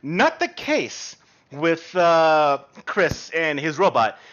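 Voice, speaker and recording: Animated man running a tabletop game. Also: a little high, slow pace, muffled recording. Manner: lively descriptive narration with frequent fillers. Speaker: game master.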